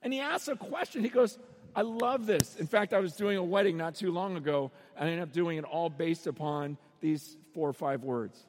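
A pastor preaching a sermon in a conversational, questioning way, now and then acting out quotes. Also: male voice, a little high, moderate pace. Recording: long hall reverb.

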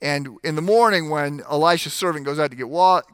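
Male pastor, slightly higher voice, mid-sermon, dry close sound. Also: a little fast, clear, resonant tone, no echo. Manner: animated, acts out the scripture voices; frequent restarts and fillers while explaining.

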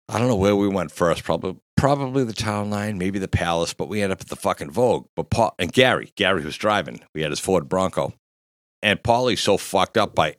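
A man's voice: deep voice, dry recording. A man on a podcast telling a long, rambling, profane story in casual chat. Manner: profane, rambling anecdote teller. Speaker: podcast co-host.

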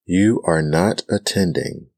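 A man's voice: low voice, animated, slow, exaggerated voice. A man voicing a proud, easily offended male mouse in a whispered role-play, stiff and severe.

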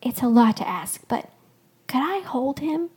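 A woman voicing a gruff, loud male shepherd in a read-aloud story. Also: high-pitched, very animated, measured pace, heavily acted. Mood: quiet.

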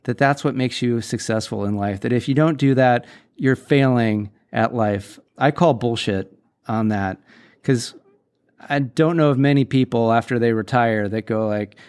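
A man's voice: mid-range voice, moderate pace, darkish tone, smooth. A man in his forties hosting a casual solo podcast, speaking candidly and bluntly with firm opinions. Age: 40s. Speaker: podcast host.

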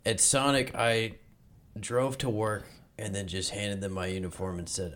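A young man cracking deadpan, crude jokes as a podcast co-host in casual chat. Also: lowish voice, a little slow, slight background noise.

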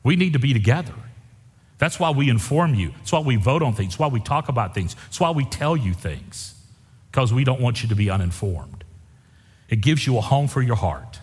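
A husky-voiced man delivers a folksy, emphatic sermon, driving his points home by repeating them. His voice carries a long reverb through the church sanctuary. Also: medium pitch, animated, fairly quick, a little mellow. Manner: folksy, emphatic preaching with repetition. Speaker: pastor.

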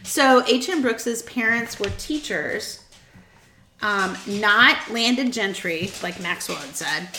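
A woman's voice: medium pitch, lively intonation, takes it slowly, bright, forceful tone. A young woman hosting a podcast, telling a true crime story in a playful, teasing way and quizzing her co-host. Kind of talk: casual storytelling chat. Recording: echoey room with faint noise.

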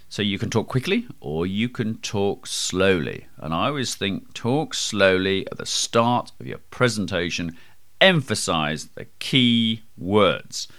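A man hosting a podcast on presentation skills, with a projecting, booming voice and an emphatic delivery that he slows and speeds for effect. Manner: lively, emphatic, varies pace and loudness for effect. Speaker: podcast host.

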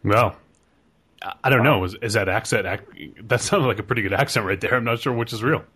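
A man hosting a podcast, chatting in a relaxed, hesitant way. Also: lowish voice, fairly quick, breathy edge. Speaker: podcast host. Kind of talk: casual chat.

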